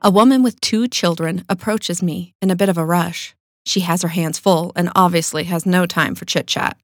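Calm woman reading a personal essay. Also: on the low side, no room sound, faint music behind. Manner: calm, measured, sincere. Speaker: author reading her own essay.

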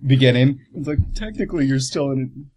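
A man's voice: medium pitch, fairly quick, a little mellow, slight background noise. A man rambles happily about his character in a casual tabletop game session. He is amused, and his talk is full of fillers and side turns. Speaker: tabletop role-play player.

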